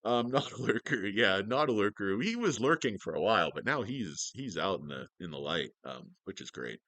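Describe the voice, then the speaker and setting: A man's voice: lowish voice, very animated, normal speed, a bit bright, dry recording. A man hosting a stock-market livestream, joking, swearing and rambling as he greets viewers.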